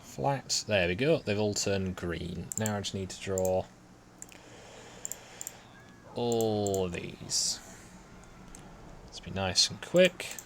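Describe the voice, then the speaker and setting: With a deep, slightly bright voice, a man streaming his hobby CAD modelling takes things slowly, muttering through his computer drawing and poking fun at himself. Keyboard typing and slight background noise can be heard.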